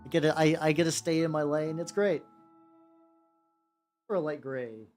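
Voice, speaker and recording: A man's voice: fairly high pitch, fairly even intonation, moderate pace, darkish tone. A man chatting casually on a live stream while painting miniatures, rambling, joking and swearing as he talks to viewers. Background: faint background music.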